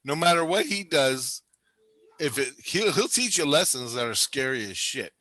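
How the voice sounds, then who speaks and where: A man's voice: on the high side, very animated, moderate pace, bright, forceful tone. A man telling a rambling, profane story in casual chat, laughing often.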